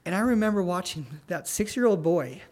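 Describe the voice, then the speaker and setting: A man preaching an earnest sermon, telling family stories and pleading gently with listeners to come to faith. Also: sits high, animated. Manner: earnest, pleading, tender pauses. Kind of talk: sermon with altar call.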